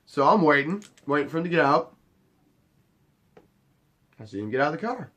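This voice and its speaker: A man's voice: on the high side, very animated, normal speed, fairly bright tone. Cocky, foul-mouthed bouncer man telling tales. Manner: cocky, profane and swaggering. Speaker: bar bouncer and head of security. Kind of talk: casual storytelling to camera.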